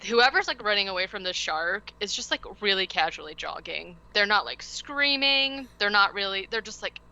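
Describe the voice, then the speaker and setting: Bright-voiced chatty woman recapping a movie. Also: medium pitch, moderate pace, vocal fry, highs cut off. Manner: chatty, animated retelling with lots of "like". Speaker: podcast host. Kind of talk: casual podcast movie recap.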